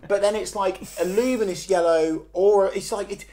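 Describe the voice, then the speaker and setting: A man's voice: high voice, moderate pace, mellow. A man hosting a podcast, bantering and laughing often. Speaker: podcast host. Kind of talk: casual chat.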